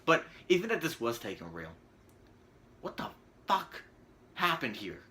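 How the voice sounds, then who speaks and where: A man's voice: medium pitch, wildly swooping pitch, measured pace, sharp tone. A man giving a profane, sarcastic ranting video commentary as a vlogger.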